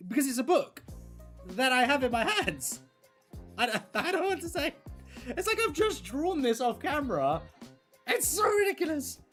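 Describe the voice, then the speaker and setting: Excitable livestream host, lively voice. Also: high-pitched, moderate pace, soft background music. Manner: excitable and gushing, talking to chat. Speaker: livestream host and colouring content creator. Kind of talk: casual livestream chat while colouring.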